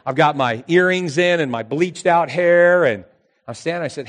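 A youth pastor preaching a sermon in story form, animated, moving between loud emphasis and hushed earnest passages. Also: male voice, fairly high pitch, moderate pace.

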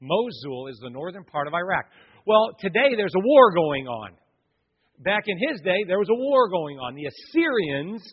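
A man's voice: high-pitched, slightly rough. A man preaching a sermon, telling a personal story and acting out the other people in it. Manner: storytelling, animated, acts out voices of others. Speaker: pastor. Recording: dull lo-fi audio in a long-reverb hall.

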